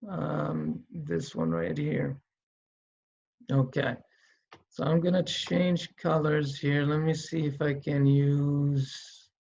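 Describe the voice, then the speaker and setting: A man teaching Quran reading in a slow, step-by-step tutorial, patiently thinking aloud as he writes. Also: fairly high pitch, creaky, a little mellow, lo-fi sound.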